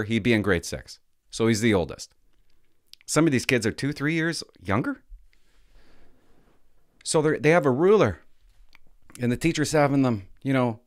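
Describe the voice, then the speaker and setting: A man's voice: medium pitch, no echo, clean studio sound. A father in his thirties casually telling a story and ranting, with rhetorical questions and some swearing. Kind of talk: casual chat.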